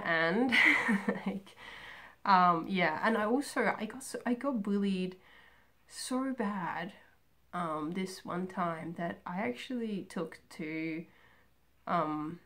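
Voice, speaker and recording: Chatty woman with a low voice. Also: a bit bright. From Australia. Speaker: craft vlogger. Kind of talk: casual personal chat.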